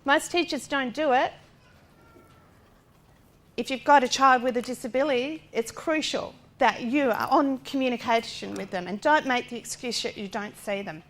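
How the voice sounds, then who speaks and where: Middle-aged woman, parent guest speaker, direct and animated, fairly high voice. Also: normal speed. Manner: direct and forthright, with rhetorical questions; animated, acting out other people's lines. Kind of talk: lecture talk drawn from personal experience.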